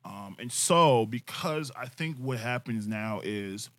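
A man's voice: mid-range voice, animated, takes it slowly, fairly bright tone, dry recording. A man co-hosting a podcast, asking probing questions and joking in casual chat. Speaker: podcast co-host.

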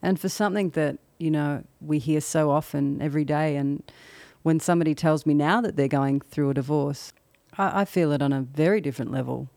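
A woman talks through a personal story in an earnest, reflective monologue. Her voice has a gravelly, fried texture, and it sits in a dry, close sound with no room around it. She often pauses and restarts as she gathers her thoughts. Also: low-pitched, mellow, no room sound. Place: lives in the American South.

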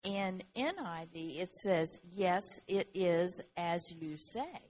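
A woman's voice: fairly low pitch, lively intonation, slow, darkish tone, a little hiss or hum. A woman in a Bible class who asks a question and reads verses aloud in a careful way.

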